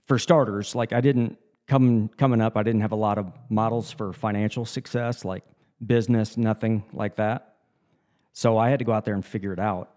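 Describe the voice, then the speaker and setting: Male podcast co-host, lowish warm tone, earnest motivational chat. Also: steady tone, moderate pace.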